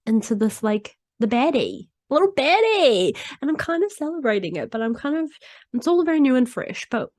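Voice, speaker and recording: A woman's voice: sits high, big pitch swings, normal speed, a little mellow, dry recording. Chatty woman hosting a solo podcast. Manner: chatty and candid, laughing often, acts out quotes. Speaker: podcast host.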